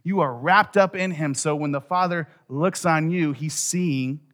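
A man's voice: a little high, measured pace, hardly any pauses. Conversational male pastor preaching. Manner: conversational, swings from quiet to loud emphasis. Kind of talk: sermon.

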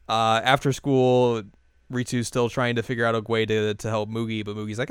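Guy laughing thru an episode recap, smooth voice, dry room. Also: medium pitch, a little fast, no echo. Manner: laughing, animated retelling of an episode. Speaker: podcast co-host. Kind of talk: casual chat.

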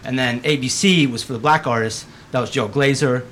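A man telling stories as a guest in casual, profane, animated chat. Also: medium pitch, fairly quick, slight background noise.

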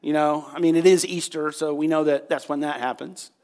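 A man preaching with a notably high voice, casual and joking as he retells the story, full of "you know" and "um". His words ring out with a long reverb, as in a large church sanctuary. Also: fairly even intonation, a little fast, darkish tone. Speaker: pastor. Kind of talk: sermon.

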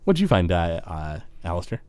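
Man, game master, rambling narration, lots of fillers, animated pitch, dry close sound. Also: normal speed, dry recording. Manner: rambling, full of filler words.

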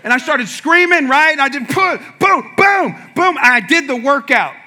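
A man preaching as a pastor, telling a funny personal story in a lively way and acting out the other people in it with sudden shouts. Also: very high voice, fairly quick. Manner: animated, acts out quotes with sudden shouts. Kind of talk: humorous sermon storytelling.

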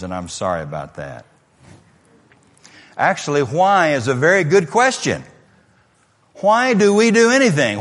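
A man's voice: mid-range voice, a bit bright. A middle-aged man preaching a sermon in a church, in an earnest, conversational way with many rhetorical questions, heard in an echoey hall. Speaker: pastor. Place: church sanctuary.

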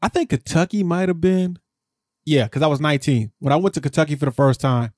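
A man co-hosts a casual recap with a slightly raised voice, rambling and circling back on himself. When something exasperates him, his pitch shoots up. The sound is dry and close to the mic. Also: a little fast, darkish tone, no room sound. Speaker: podcast co-host.

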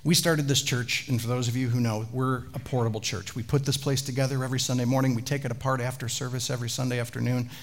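A man, a pastor, preaching a sermon with animated storytelling and chatty asides to the congregation. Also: mid-range voice, quick pace, hardly any pauses.

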